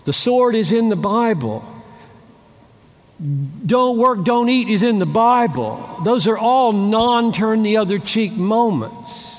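A man preaching a sermon, animated, acting out little exchanges in shifting voices. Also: sits high, unhurried, few pauses. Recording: long hall reverb.

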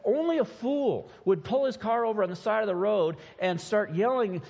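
A man preaching a sermon as pastor, animated and sometimes mocking as he acts out quotes. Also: high-pitched, moderate pace, creaky, few pauses, long reverb tail, dull audio.

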